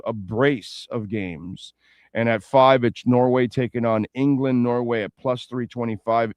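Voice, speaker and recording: Man, sports talk radio host, casual rambling, middle pitch, dry close mic. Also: darkish tone, clear, resonant tone, no room sound. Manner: loose, rambling, playful asides; reads sponsor ads and betting lines.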